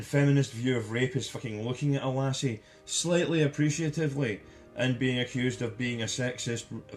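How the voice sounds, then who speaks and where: A man giving an angry, profanity-laden commentary as a vlogger, hurling insults. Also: medium pitch.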